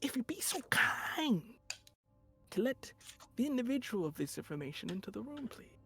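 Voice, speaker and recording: A man's voice: very high-pitched, very animated, moderate pace, gravelly, bright, forceful tone, husky, faint music behind, pitched above the performer's own voice, full character voice. A man voicing a composed woman counselor who addresses a courtroom formally.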